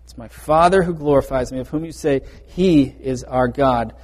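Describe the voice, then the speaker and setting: A man's voice: mid-range voice, normal speed. A man preaching a sermon, explaining verse by verse in an earnest way and often restarting his phrases. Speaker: pastor. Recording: reverberant hall.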